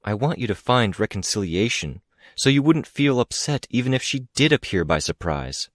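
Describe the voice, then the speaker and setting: A man's voice: mid-range voice, sing-song, moderate pace, fairly bright tone, no room sound, studio quality, pitched above the performer's own voice. Man voicing a pleading, composed mother. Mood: coaxing. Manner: earnest, coaxing, insistent. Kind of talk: audiobook character reading.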